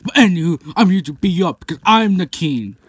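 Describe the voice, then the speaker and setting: A giant ape bellows slow, boastful threats, pitched high and loud, as a man puts him on. A faint hiss sits behind the voice. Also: animated.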